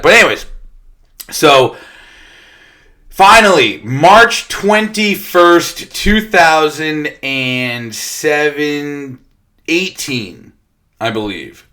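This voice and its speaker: Sharing how he recovered, a young detox center worker speaks slowly and expressively in a slightly high, sharp-toned voice. He's casual and blunt about it and swears nonstop.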